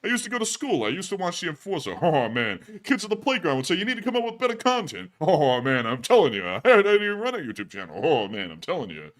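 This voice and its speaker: A man's voice: on the high side, very animated, fast, few pauses, voice pushed up. A man putting on a comic voice of a grown man griping that he gets no respect, in hammy catchphrase patter.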